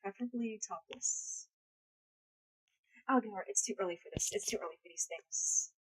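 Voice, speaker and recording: A woman's voice: medium pitch, normal speed, husky, low-quality recording. A woman live streaming in casual chat, playful and blunt, swearing freely, speaking English as a second language. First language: not English.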